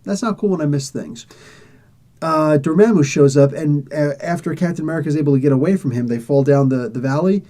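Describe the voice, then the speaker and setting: A man's voice: a little high, fairly quick, warm tone. A man reviewing comics, casually retelling a story with laughs and acted-out quoted lines.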